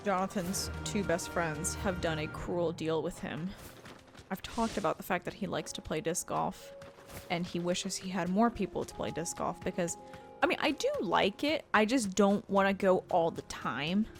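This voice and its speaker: Faint music plays behind a woman whose voice is fairly low and whose pace is moderate. Co-hosting a let's play, she rambles through a long story in casual chat while gaming, leaning heavily on "like."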